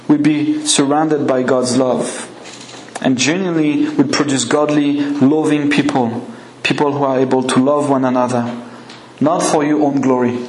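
A man's voice: medium pitch, reverberant, slight background noise, poor audio. A man with a French accent preaching an earnest, emphatic sermon. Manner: earnest, emphatic, slow and deliberate.

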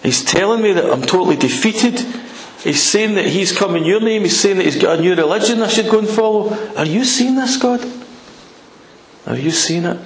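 A man's voice: high-pitched, animated, normal speed. A man preaching a sermon, acting out prayers in an urgent, impassioned voice. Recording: echoey church hall with faint noise.

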